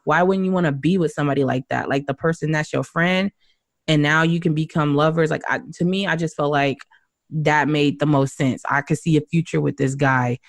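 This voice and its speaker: A woman's voice: low voice, fairly quick, dry recording, studio quality. A young woman casually telling a story, acting out the quoted lines as she goes. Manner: animated storyteller who acts out quotes with laughs. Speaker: guest's wife on a podcast.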